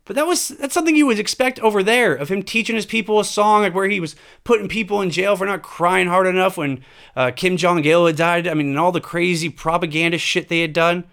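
A man delivers a heated opinion monologue and leans on rhetorical questions and swearing. His voice is smooth and resonant and sits a bit high for a man. He punches his points with emphasis. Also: brisk, a bit bright.

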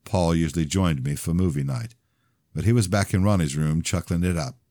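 Low-voiced man reading an audiobook. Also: a little fast, dry recording, studio quality. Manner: plain, steady first-person storytelling. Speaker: author and audiobook narrator. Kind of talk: audiobook narration.

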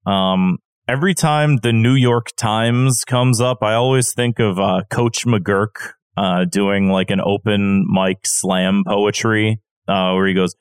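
A man co-hosting a podcast, telling stories in a rambling, halting casual chat. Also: fairly low pitch, fairly even intonation, clear, resonant tone, no echo, studio quality. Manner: rambling storyteller with halting restarts. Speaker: podcast co-host.

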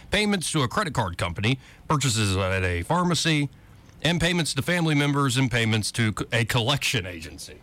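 A man's voice: mid-range voice, fairly bright tone. A man hosting talk radio, reading a news report aloud with wry, sarcastic asides. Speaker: radio talk show host.

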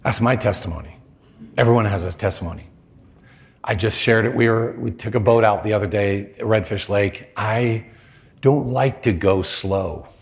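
Low-voiced guy preaching, tells his story with lots of acted-out quotes. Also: moderate pace. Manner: animated storyteller, acts out quoted lines. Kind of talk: sermon storytelling.

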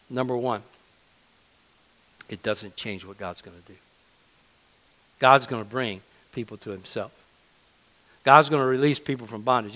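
A man's voice: mid-range voice, a bit bright, low-quality recording. A man preaching a sermon in a conversational, earnest manner, often repeating words for emphasis.

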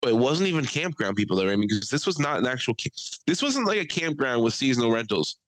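A young man co-hosting a podcast in casual chat, an animated, rambling storyteller who swears freely. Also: medium pitch, fast, dry recording, rough recording. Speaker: podcast co-host.

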